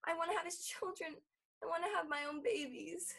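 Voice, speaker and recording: An actress playing a childlike grown woman who pleads with her stern mother in an earnest, halting way. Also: very high voice, vocal fry, a bit bright, soft background music, heavily acted. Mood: pleading. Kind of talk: stage drama acting.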